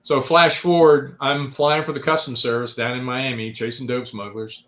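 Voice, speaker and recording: A man's voice: medium pitch, flat delivery, normal speed, fairly bright tone. A man in his sixties, a guest in a casual interview, telling long anecdotes and acting out other people's quotes with a raised voice. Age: 60s.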